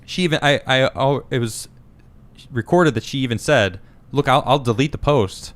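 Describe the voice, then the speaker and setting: A man talks loosely on a live podcast stream, reading out viewer comments and tossing in quick reactions. His voice sits at an ordinary middle pitch. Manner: reads comments aloud, reacts with quick asides. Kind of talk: casual live-stream chat.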